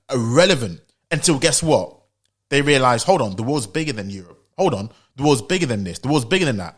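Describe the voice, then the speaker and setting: A man's voice: on the high side, a bit bright. A British man giving an opinion commentary monologue, insistent and emphatic, driving his points home with rhetorical questions and repetition. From United Kingdom. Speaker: opinion vlogger.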